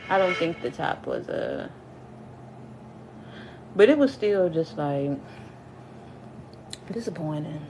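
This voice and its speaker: A woman vlogger telling a casual storytime rant, animated and profane, her voice jumping high and loud when she gets worked up. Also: takes it slowly, vocal fry, long pauses, background noise.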